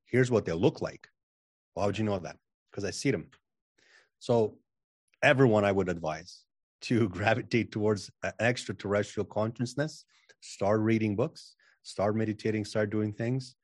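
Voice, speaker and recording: A man's voice: lowish voice, normal speed, no echo, clean studio sound. A man talking as a guest in a casual interview, self-assured and emphatic, often repeating words as he starts a sentence. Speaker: podcast guest, channeling coach.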